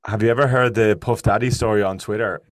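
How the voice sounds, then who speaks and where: A friendly man hosts a podcast, chatting and asking questions with an easy laugh. His voice is low, and the recording is dry and close, with no room sound. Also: steady tone, fast, dry recording. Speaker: podcast host. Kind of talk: casual interview hosting.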